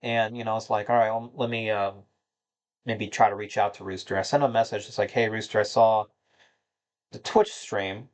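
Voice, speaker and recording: This gaming channel host has a lowish, steady voice and talks at a moderate speed. Addressing his audience casually, he meanders along in a disappointed, gloomy way, often using fillers and restarting sentences.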